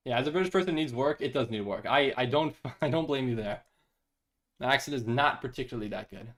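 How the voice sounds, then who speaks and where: A man's voice: medium pitch, animated, fast talker, fairly bright tone. A young man streaming chess, chatting casually, self-deprecating and thinking aloud. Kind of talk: casual live-stream chat.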